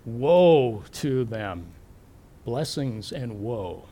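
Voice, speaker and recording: A middle-aged man preaching a sermon, thoughtful and questioning, slowing down to stress key words. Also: medium pitch, lively intonation, warm tone, a little hiss or hum. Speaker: pastor.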